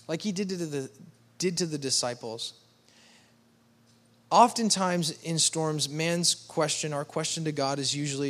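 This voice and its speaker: A man's voice: high-pitched, moderate pace. A man preaching a sermon to a congregation in an earnest, pleading manner, raising his voice to act out quoted speech. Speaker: pastor.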